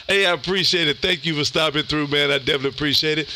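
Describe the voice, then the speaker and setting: A man's voice: fairly high pitch, a little fast, sharp tone, a little hiss or hum. A man, a ham radio operator chatting casually on air and calling CQ, laid-back and saying "man" a lot. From Texas. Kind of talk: casual radio chat and CQ calls.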